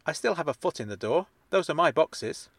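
A man voicing a courteous, measured man in a spoken-word story, a little formal. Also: a little high, lively intonation, creaky, no echo, voice pushed up. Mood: brisk. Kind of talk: audiobook character dialogue.

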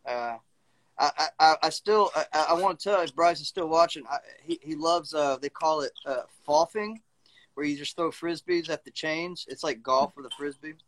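A man's voice: on the high side, moderate pace, a bit bright, no room sound. A man who is a guest singer-songwriter, chatting casually with frequent restarts and easy laughs. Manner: stammering, repeats himself, laughs easily. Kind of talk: casual chat on a live music stream.

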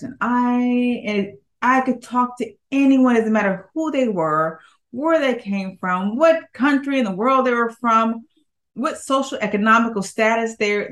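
A woman who is a public speaking coach giving an emphatic talk to her audience, often checking in with "okay?" and swinging her pitch up and down for emphasis. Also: fairly bright tone.

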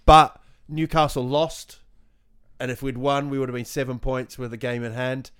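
A man's voice: mid-range voice, steady tone, moderate pace, a bit bright, clear, resonant tone. A man in a casual football chat, talking in a rambling way with many restarts.

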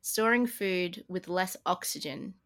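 A woman's voice: lowish voice, measured pace, a bit bright. A woman co-hosting a casual tabletop-game podcast, rambling and laughing often. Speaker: podcast co-host. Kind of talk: casual chat.

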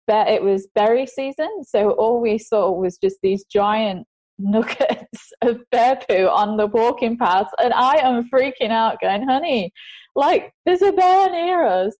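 A woman hosting a podcast, telling lively stories and laughing easily. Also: a little high. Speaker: podcast host. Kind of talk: casual interview chat. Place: lives in Australia.

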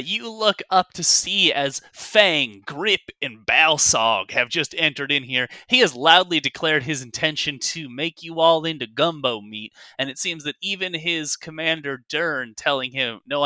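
A man's voice: a little high, bright, forceful tone, dry recording. A young man narrating as game master of a tabletop game, rambling with fillers and self-corrections.

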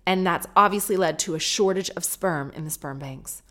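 A woman's voice: on the low side, moderate pace, pushed and bright. A woman voicing a French-speaking listener reading out her own letter, in a put-on French accent with careful, earnest delivery.

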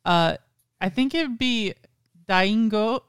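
A man's voice: fairly high pitch, moderate pace, fairly bright tone, smooth, no room sound, studio quality. A man co-hosting a casual podcast, correcting pronunciation in a rambling, pedantic way. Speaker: podcast co-host. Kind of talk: casual chat.

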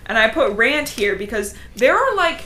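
A woman's voice: fairly high pitch, very animated, bright, forceful tone. A woman co-hosting a podcast, casually recapping a book and briefly acting out the characters' lines. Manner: quick retelling with brief acted-out cat voices. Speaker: podcast co-host.

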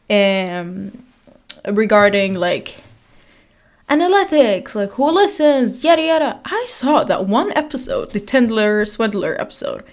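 A woman of twenty hosting a podcast, chatting casually, rambling with fillers and laughing often. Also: medium pitch. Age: 20s. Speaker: podcast host. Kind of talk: casual chat.

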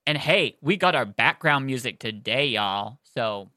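A podcast co-host chatting excitedly about a book series and reading it aloud, with lots of "like" and fillers. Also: mid-range voice, unhurried, dry recording, clean studio sound. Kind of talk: excited casual chat and read-aloud.

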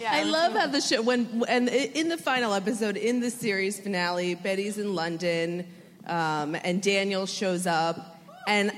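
A woman moderating a panel in a chatty, question-asking manner. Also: mid-range voice. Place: large hall. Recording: echoey hall.

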